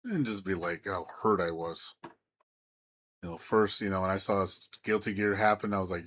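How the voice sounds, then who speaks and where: A game streamer rants live, heated and profane, stammering and restarting constantly. His voice is low and a bit bright, moving at normal speed.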